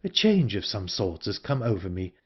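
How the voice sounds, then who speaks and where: A man voicing a calm, composed older woman in an audiobook, speaking in a measured way. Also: lowish voice, breathy edge, dull audio. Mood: calm, wistful. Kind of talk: audiobook character reading.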